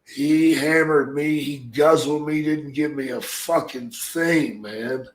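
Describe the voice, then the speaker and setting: A man's voice: on the high side, slow pace, roomy sound, low-quality recording. An older man and former wrestler hosting a podcast, telling blunt, profane stories in a casual way. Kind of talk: casual storytelling.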